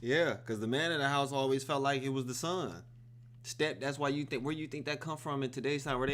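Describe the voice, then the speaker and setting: A man hosting a reaction video, telling the story of a film in a casual, excited, profane way. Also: fairly high pitch, fairly quick.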